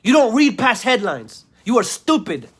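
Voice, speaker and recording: Insulting his audience, a man delivers a repetitive, heated rant in a video commentary, stumbling through restarts. He speaks at a moderate pace in an extremely high, sing-song, slightly rough voice.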